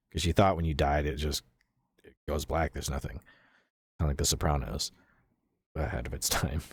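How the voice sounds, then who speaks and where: A man with a creaky, darkish, slightly rough bass voice chats casually on a stream, close to the mic in a dry recording. He rambles through a story, scattering "like" fillers and casual swearing.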